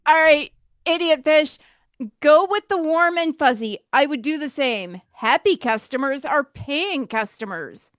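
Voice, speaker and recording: High-voiced hesitant woman, dry mic. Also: lively intonation, measured pace, fairly bright tone, no echo. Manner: hesitant, stammering restarts. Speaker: podcast co-host. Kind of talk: casual chat.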